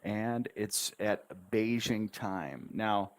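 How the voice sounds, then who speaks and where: A man's voice: on the low side, extremely slow, clear, resonant tone. A man teaching English pronunciation on a livestream, repeating words syllable by syllable with encouraging asides. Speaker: English tutor.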